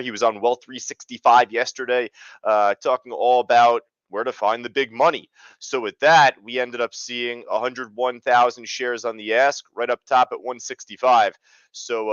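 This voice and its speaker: A man's voice: mid-range voice, fairly bright tone, clean tone, no room sound, muffled recording. Chatty man hosting live trading. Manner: casual, chatty, many fillers. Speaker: trading room host. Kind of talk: live trading webinar commentary.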